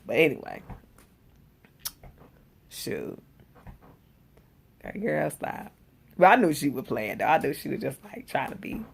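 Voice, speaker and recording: Woman, low and gravelly, loose animated slangy recap of a show, talks straight to camera. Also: slow, pauses often, a little hiss or hum. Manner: animated, slangy, exclaims and laughs while retelling. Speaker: TV episode reviewer. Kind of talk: casual chatty recap.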